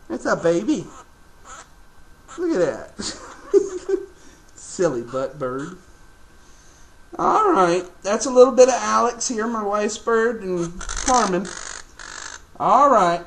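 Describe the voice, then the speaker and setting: A man's voice: high-pitched, very animated, takes it slowly, creaky, long pauses, a bit bright. A man filming a casual home video, chatting to his pet birds in a sing-song baby-talk voice.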